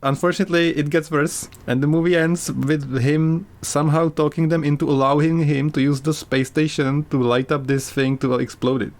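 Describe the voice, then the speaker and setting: A man co-hosting a podcast in casual chat, retelling a story with animated, sarcastic energy and frequent laughs. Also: a little high, moderate pace, hardly any pauses. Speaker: podcast co-host.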